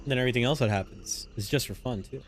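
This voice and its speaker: A man's voice: medium pitch, quick pace, faint music behind. A man running a tabletop game as game master, casual and profane, laughing often.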